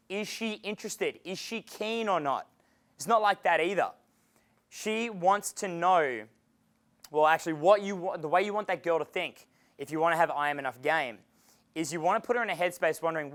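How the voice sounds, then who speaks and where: A man giving a live dating seminar as coach, talking with energy and swearing freely. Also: sits high. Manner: energetic and profane, acting out quotes. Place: seminar room.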